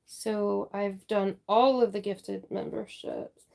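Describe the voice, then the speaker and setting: A woman hosting a crafting livestream, chatting casually, reading viewer names and thanking them warmly. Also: medium pitch, steady tone, vocal fry, slight background noise. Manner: warm, chatty, apologetic, reading out names slowly.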